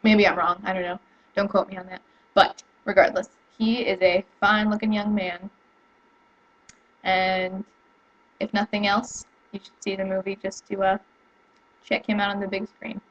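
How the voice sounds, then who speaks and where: A young woman chatting casually to camera at home, rambling and excitable, with lots of fillers and restarts. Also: medium pitch, normal speed, pauses often, highs cut off. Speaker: vlogger. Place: home room.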